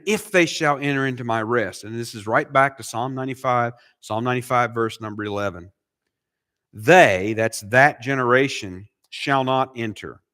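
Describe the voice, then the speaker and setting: A man's voice: fairly high pitch, fairly bright tone. A middle-aged man preaching an expository sermon as pastor, asking rhetorical questions and repeating key phrases for emphasis. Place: church sanctuary.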